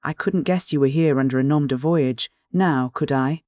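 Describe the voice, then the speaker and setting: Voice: medium pitch, a little mellow, no room sound, clean studio sound, lightly acted. An audiobook narrator voicing a chattering, theatrical middle-aged countess who gushes with gossip. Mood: gushing. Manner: gushing, rapid, theatrical.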